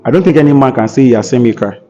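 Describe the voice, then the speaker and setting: A man's voice: medium pitch, animated, racing, dark tone, dull audio, soft background music. A young man talking earnestly and emphatically as a podcast guest, with a preacherly tone. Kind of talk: earnest conversational talk.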